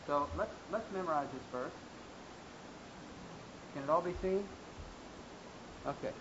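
A man teaching a group how to memorize Bible verses, leading call-and-response drills and slowing down to stress each word, with folksy asides. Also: a little high, lo-fi sound, background noise. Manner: leads call-and-response drills, slows and stresses words when reciting.

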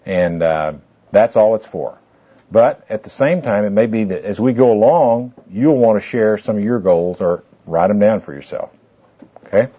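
On a dull, lo-fi tape, a man with a lowish, husky voice walks a small group through a goal-setting handout at a normal pace. He's animated and folksy, rambling along with fillers, asides and anecdotes in an informal classroom way.

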